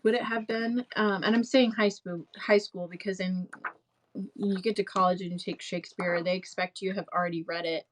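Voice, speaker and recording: A woman's voice: medium pitch, fairly even intonation, moderate pace, low-quality recording. A young woman hosting a live stream in casual chat, rambling and full of fillers and restarts.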